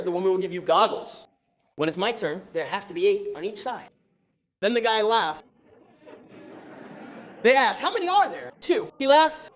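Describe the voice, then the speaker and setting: A man from Brazil telling a stand-up comedy story on stage, animated and bursting into shouted exclamations. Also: sits high.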